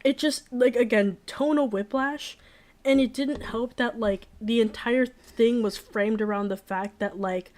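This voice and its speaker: A young woman talks casually at a middle pitch, wandering through her thoughts with plenty of fillers and restarts. She is blunt and opinionated about what she likes and doesn't. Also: steady tone, unhurried. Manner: rambling, frequent fillers and restarts. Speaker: streamer. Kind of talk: casual chat.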